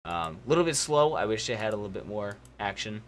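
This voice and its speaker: A man hosting a casual podcast chat, talking in animated, rambling opinions and swearing freely. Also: lowish voice, fast, a little hiss or hum. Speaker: podcast host.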